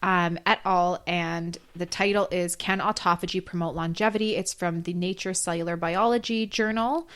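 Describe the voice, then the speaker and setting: A woman hosting a solo health podcast, earnest and explanatory, hoarse from losing her voice. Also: fairly low pitch, fairly even intonation, normal speed, few pauses, a bit bright. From North America. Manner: earnest, explanatory, with fillers and restarts. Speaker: podcast host.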